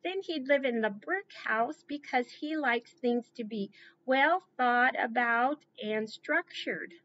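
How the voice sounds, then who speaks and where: Bright, high-voiced woman offering playful ideas. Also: slow pace, lo-fi sound.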